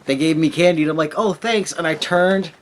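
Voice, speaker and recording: A man's voice: on the high side, fairly even intonation, fast, slight background noise. Laid-back man in his thirties, swearing. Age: 30s. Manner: laid-back, swears freely, rambling anecdotes. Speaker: co-host. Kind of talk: casual chat. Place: home.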